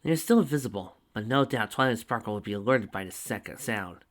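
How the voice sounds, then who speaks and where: A man reading a fan fiction story aloud at a steady, even pace. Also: on the low side, fast talker. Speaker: story reader.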